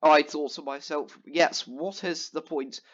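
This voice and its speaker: A fairly high-voiced man rambles through a casual rant, piling up ums and false starts as he vents. The sound is dull and lo-fi, like a cheap home mic. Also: steady tone, measured pace. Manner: rambling, exasperated storytelling with many fillers. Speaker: gaming vlogger. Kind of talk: casual ranting commentary over gameplay.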